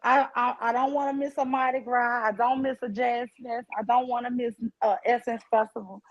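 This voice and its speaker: A woman from New Orleans with a Southern accent talks on a video call, emphatic and chatty. Her voice is high and a little husky. The sound is dull and slightly muffled. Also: a little fast. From New Orleans, Louisiana. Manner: chatty and emphatic, quoting people in lively voices. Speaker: panelist. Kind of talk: casual chat.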